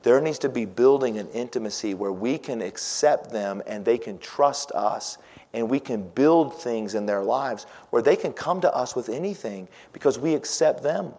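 A middle-aged pastor preaches with a voice of ordinary male pitch, pressing hard on key words and then dropping low and hushed. His scripture quotes come in old-fashioned wording. The sound rings with a long reverb, as in a large hall. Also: animated, moderate pace. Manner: dramatic swings from loud emphasis to hushed near-whisper. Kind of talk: sermon.

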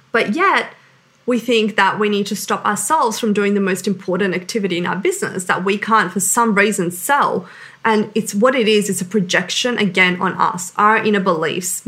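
Woman in her 30s, sales coach, super earnest and emphatic, says like a lot, mid pitch voice. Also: normal speed, sharp tone. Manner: earnest and emphatic, heavy use of "like". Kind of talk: motivational business talk.

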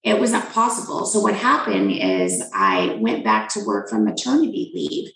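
A woman with a strongly gravelly, fry-laden voice, speaking fairly high and swooping all over her range as she tells a frank personal story. She repeats words for emphasis. The sound carries a roomy echo. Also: normal speed. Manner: frank, animated, emphatic repetition. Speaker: physician guest.

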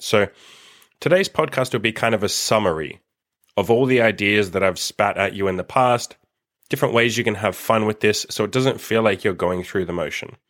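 A young Australian man hosts a laid-back solo dating podcast as a dating coach, his voice fairly low yet fairly bright. He's blunt, swears freely, and acts out snippets of conversation.

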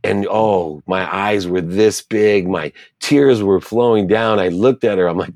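A man's voice: lowish voice, normal speed, few pauses, a little mellow, dry recording, clean studio sound. A middle-aged man, an interview guest, telling his life story in an earnest, reflective way and stacking repeated phrases.

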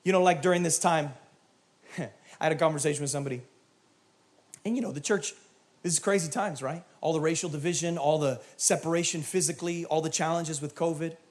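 A man with a notably high voice preaches a sermon from a church. His delivery is animated, and he swings into shouted peaks before dropping back to quieter asides. He acts out short back-and-forth conversations as he goes. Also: fairly quick. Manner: animated, builds to shouting climaxes, acts out dialogue. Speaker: pastor.

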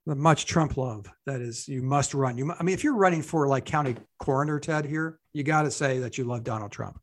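A man's voice: medium pitch, brisk. A man co-hosting a political podcast, chatting casually and joking, often laughing. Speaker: podcast co-host.

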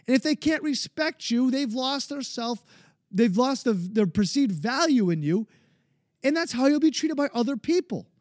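Guy with a high voice preaching self-respect on his podcast, dry close sound, keeps restarting phrases. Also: lively intonation, normal speed, darkish tone, no room sound. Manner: emphatic, preachy, swears casually. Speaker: podcast host. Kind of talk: motivational monologue.

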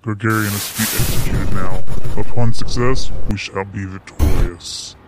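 A man's voice: fairly low pitch, fairly even intonation, normal speed, natural voice. Man playing a cold Soviet agent over static. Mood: ominous. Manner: stiff, clipped radio-order delivery. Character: cold Soviet male agent reading coded orders.

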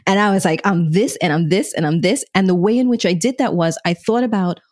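Low-voiced woman telling a personal story. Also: brisk, no room sound, clean studio sound. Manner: expressive, acts out remembered dialogue. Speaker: podcast co-host.

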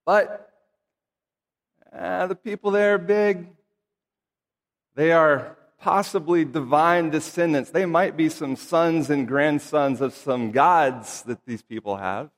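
Man, pastor preaching, earnest and conversational, slightly higher voice, long echo. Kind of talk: scripture reading then sermon.

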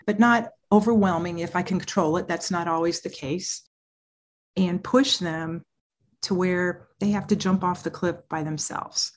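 A woman speaking as a child therapist and parent coach in an interview, talking in an animated, earnest and emphatic way. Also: on the low side. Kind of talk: interview conversation.

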